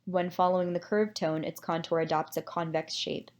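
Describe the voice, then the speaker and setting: A woman with a fairly low voice walks through research findings in a scripted academic presentation. She explains things in a measured way and now and then drops in a filler. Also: fairly even intonation, darkish tone. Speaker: presenter summarizing a research paper.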